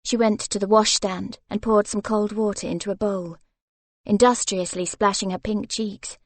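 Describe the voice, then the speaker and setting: A woman reading a romance novel aloud as narrator, soft and even in her storytelling. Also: medium pitch, normal speed, dry recording. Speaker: audiobook narrator.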